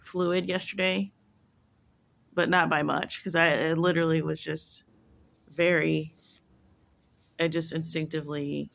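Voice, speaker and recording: A woman's voice: low-pitched, flat delivery, a little slow, gravelly, pauses often, a bit bright. Rambling, musing woman vlogger. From United States. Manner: rambling, musing, heavy use of "like". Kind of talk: casual monologue to camera.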